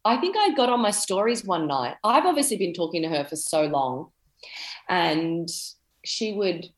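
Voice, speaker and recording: A woman's voice: fairly low pitch, very animated, normal speed, reverberant. Rambling chatty woman. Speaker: podcast guest. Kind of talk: casual chat.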